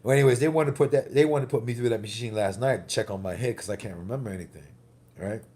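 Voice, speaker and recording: A man's voice: medium pitch, fast, mellow. A man vlogging casually after a car wreck, banged up, telling a rambling, profane, heated story. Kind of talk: casual vlog monologue.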